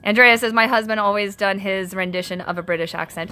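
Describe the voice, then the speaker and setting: A woman hosts a casual live stream from her home and reads viewer comments aloud before answering them. Her voice is bright and sits at a middle pitch. She talks in a chatty, self-conscious way and laughs often. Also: a little fast, few pauses.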